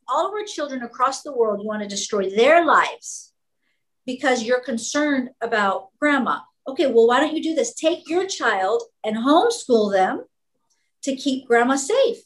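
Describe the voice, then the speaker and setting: Poor audio captures a high-pitched woman who owns a school. Responding to an interviewer, she talks with passion and emphasis, doubling up on words as she grows heated.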